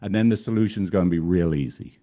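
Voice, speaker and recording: Animated, profane male storyteller. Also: deep voice, fast. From Ireland. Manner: animated, profane, emphatic repetition. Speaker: couples therapist. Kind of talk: storytelling talk.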